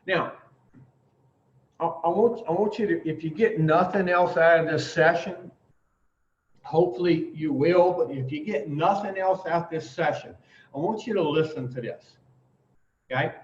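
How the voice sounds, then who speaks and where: A man with a slightly high voice leads a recovery class, laying out the steps with emphatic, drawn-out pauses and plain, profane bluntness. He sounds distant from the mic, in a roomy space with a dull, lo-fi tone. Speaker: recovery speaker teaching the twelve steps. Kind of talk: informal recovery talk to a group.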